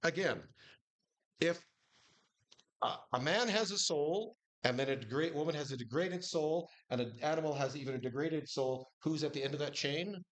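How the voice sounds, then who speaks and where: A man's voice: on the high side, normal speed, a bit bright. A man teaching a Bible study group in a conversational style, restarting phrases and lifting his voice when quoting scripture.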